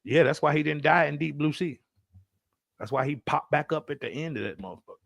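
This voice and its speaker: A man co-hosting a podcast in casual chat, telling animated, profane stories and acting out other people's voices. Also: on the high side, fairly quick, creaky, no echo. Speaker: podcast co-host.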